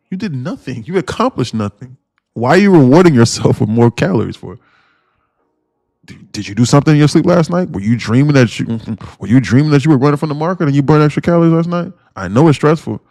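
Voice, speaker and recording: A man's voice: a little high, a little mellow, dry recording, studio quality. A man hosting a day-trading livestream in casual chat, rambling and slangy, firing off blunt rhetorical questions and repeating himself.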